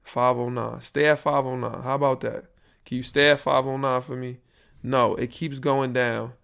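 A young man talks casually and rambles through his podcast, full of slang and asides. His voice has a gravelly, creaky texture at a middle pitch. He is recorded on a built-in computer microphone. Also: level tone, moderate pace, fairly bright tone. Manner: rambling, troubleshooting audio live, slangy. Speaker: podcast host. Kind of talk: casual solo podcast chat.

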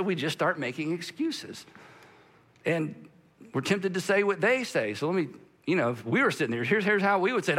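A man preaching a sermon as a pastor, animated and acting out the voices of the people he quotes. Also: high voice.

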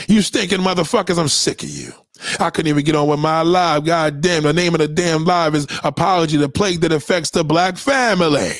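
A man's voice: a little high, fairly quick, no echo, clean studio sound. A middle-aged man, ranting in a profane comedic monologue and acting out quotes. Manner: animated, swearing, acts out quotes.

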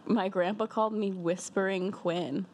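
A young woman co-hosting a casual podcast from an apartment, relaxed and profane, talking while high. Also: normal speed, slight background noise. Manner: laid-back, giggly, profane. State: high from smoking. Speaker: podcast co-host. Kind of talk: casual chat. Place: apartment in Chicago.

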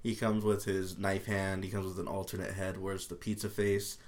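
A man co-hosting a casual podcast, talking in a relaxed, matter-of-fact way with hesitant fillers. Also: deep voice, moderate pace. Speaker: podcast co-host. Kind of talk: casual chat.

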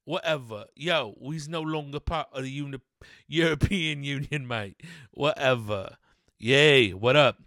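A man's voice: mid-range voice, a little slow, a bit bright, dry recording, studio quality. A man hosting a podcast who puts on a fake British accent and rants angrily in slang, swearing a lot. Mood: irritated rant. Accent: put-on British. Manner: angry, rambling rant. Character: man in a mock British persona, irritable and ranting. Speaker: podcast host. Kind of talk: solo podcast monologue.

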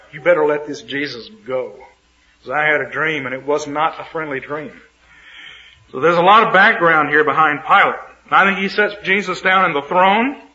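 A man's voice: fairly high pitch, bright, forceful tone, lo-fi sound. A man teaching a sermon who reads scripture aloud and retells it with emphatic, dramatic commentary. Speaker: Bible teacher.

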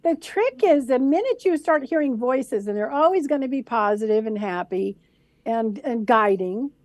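Bright high-voiced woman, dry close sound. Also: normal speed, no echo. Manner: animated, acts out voices of her guides. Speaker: guest. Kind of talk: casual conversation.

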